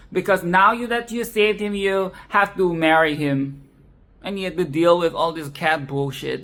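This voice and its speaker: A woman's voice: on the low side, fairly bright tone. A woman hosting a film commentary video, ranting in a profane, exasperated and sarcastic way. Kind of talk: casual solo film rant.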